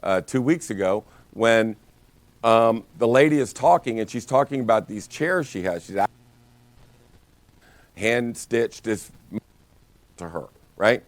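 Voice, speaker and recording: A man's voice: medium pitch, takes it slowly, long pauses, dry recording. A man teaching a real estate training session, telling stories with lots of energy and frequent restarts. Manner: energetic storytelling with many restarts. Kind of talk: live training talk.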